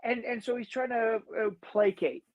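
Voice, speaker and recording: A man's voice: extremely high pitch, fairly even intonation, moderate pace, muffled recording. A man casually recapping a movie on a podcast, rambling with lots of fillers and acting out characters' lines. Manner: rambling, many "you know" fillers, acts out lines. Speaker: podcast co-host.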